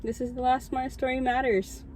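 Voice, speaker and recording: Young woman, chaplain type, higher voice, heartfelt and teary testimony recorded in a car. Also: level tone, moderate pace, a little mellow, a little hiss or hum, low-quality recording. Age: young adult. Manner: heartfelt, tearful, laughing. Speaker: student chaplain. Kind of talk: personal testimony, casual. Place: in her car at night. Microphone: camera in a car.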